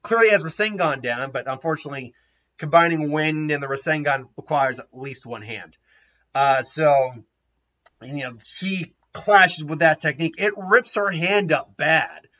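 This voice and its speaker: Bright-voiced man retelling a story. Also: a little high, moderate pace. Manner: rambling, laughs often, many fillers and restarts. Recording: dull lo-fi recording.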